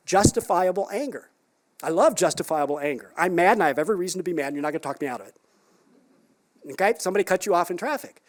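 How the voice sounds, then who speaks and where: Male psychologist presenter, slightly high voice, conversational conference talk, wry asides, rhetorical questions to the room. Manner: wry, down-to-earth humor.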